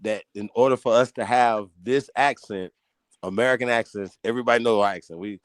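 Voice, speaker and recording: A man hosting a casual podcast, talking in a heated, profane, excitable way and jumping up high in pitch when he gets riled. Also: fairly quick, dry recording. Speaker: host.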